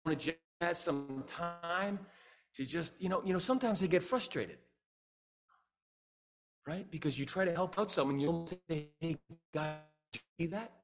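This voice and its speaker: A middle-aged man giving a humorous storytelling talk as a speaker and singer, animated and acting out dialogue. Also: normal speed, long pauses. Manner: animated, acts out dialogue with big pitch jumps.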